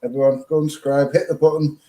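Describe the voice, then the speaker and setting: A fairly high-voiced man co-hosting a live chat stream, upbeat and pushing viewers to subscribe and comment. His voice rings in an echoey room. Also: flat delivery, quick pace, dark tone, slight background noise. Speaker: co-host.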